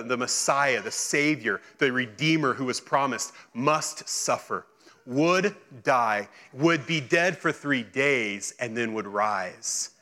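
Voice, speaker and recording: A pastor with a medium-pitched voice preaches a sermon, reading scripture and acting out its dialogue. His delivery swings between excited and hushed.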